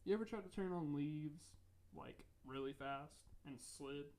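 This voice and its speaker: A young man from North Carolina, co-hosting a podcast and telling a rambling, animated ghost story with lots of restarts. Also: on the high side, measured pace. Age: young adult. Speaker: podcast co-host. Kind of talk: casual chat, storytelling.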